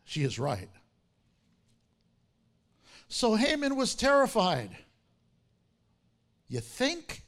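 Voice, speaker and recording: Male preacher, high and expressive voice, slow delivery, playful and animated storyteller. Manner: animated, laughing, acting out the characters. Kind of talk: sermon.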